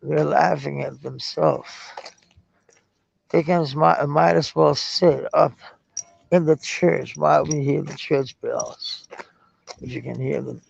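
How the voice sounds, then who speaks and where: A man rambling in a halting live-stream monologue, repeating words, trailing off and swearing. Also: fairly high pitch, steady tone, creaky, highs cut off, slight background noise. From Denmark.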